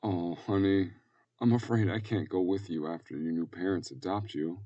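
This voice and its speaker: A man voicing a loving older woman who tucks a young foster boy into bed, speaking gently and soothingly. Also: deep voice, normal speed, breathy edge, highs cut off. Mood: gentle.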